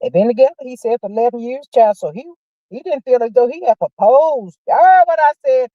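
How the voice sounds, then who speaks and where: A woman hosting a casual livestream, chatting about celebrity news in a sassy, drawn-out way and calling viewers honey and child. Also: a little high, expressive, no echo, dull audio. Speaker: livestream host. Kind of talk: casual gossip chat.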